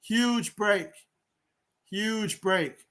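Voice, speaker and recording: A man calling a football game play by play on his own livestream, excitable and chatty with his viewers. His voice sits very high for a man. He talks into a home streaming mic. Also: drawn-out words. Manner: excitable, talks to viewers, reads out chat comments. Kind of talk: live play-by-play commentary.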